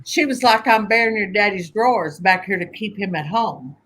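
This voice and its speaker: A woman telling family stories in a casual conversation, animated and laughing often as she acts out voices. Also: mid-range voice, normal speed. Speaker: guest conjure teacher.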